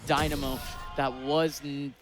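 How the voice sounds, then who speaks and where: A man doing live play-by-play commentary at a game tournament, excitable and joking with his co-caster. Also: on the high side, measured pace, faint music behind. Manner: excitable, jokey banter with co-caster. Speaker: esports caster. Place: tournament venue.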